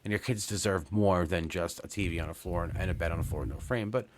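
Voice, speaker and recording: A New man in his thirties tells a long story on his podcast. His voice sits very low and stays casual. He rambles, restarts his sentences, and swears all the way through. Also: quick pace, a little mellow, a little hiss or hum. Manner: rambling, profane, lots of fillers and restarts. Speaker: podcast host.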